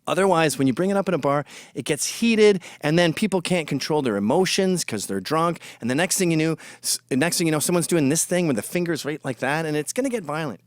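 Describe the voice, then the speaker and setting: A middle-aged man from Britain giving a blunt, mocking monologue, switching between loud jabs and muttered asides. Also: fairly high pitch, expressive, fast talker, few pauses, no room sound. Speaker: commentator. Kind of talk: opinionated monologue to camera.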